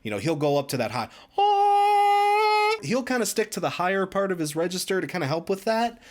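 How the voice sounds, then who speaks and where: A man's voice: high-pitched, quick pace. Guy ranting about a record, chatty, voice jumps up and down a lot. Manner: animated, chatty, emphatic asides. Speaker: music reviewer. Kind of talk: casual album review.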